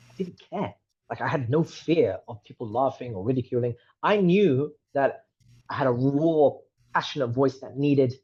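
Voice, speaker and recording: A British man in his thirties talks as a podcast guest in a husky, slightly rough voice. He rambles candidly from one tangent to the next and pokes fun at himself as he goes. The audio sounds somewhat muffled and lo-fi. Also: medium pitch, a little mellow. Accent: British English. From United Kingdom. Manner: chatty, wandering, candid and self-deprecating. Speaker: guest, reciter. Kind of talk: casual interview conversation. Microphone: podcast microphone.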